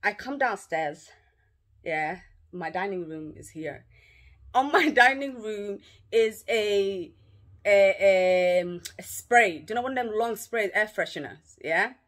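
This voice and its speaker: A woman with a northern English accent tells a story to the camera in her living room. Her voice is bright and forward, and her delivery is animated and full of swearing. It sounds like a casual storytime vlog. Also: medium pitch, slow. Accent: British, northern English. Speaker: vlogger.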